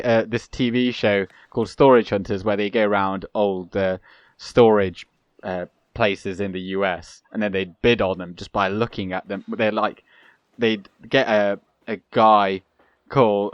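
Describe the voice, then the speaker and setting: A man's voice: fairly low pitch, dry recording, lo-fi sound. A young man giving rambling, chatty commentary while playing a strategy game, laughing now and then. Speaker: gaming channel host. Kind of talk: let's play commentary.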